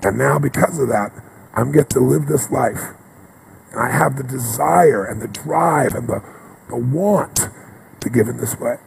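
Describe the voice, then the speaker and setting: A man giving a motivational speech, telling stories with passion and swinging from loud bursts to hushed moments. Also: mid-range voice, unhurried, vocal fry, a little hiss or hum, rough recording. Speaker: motivational speaker.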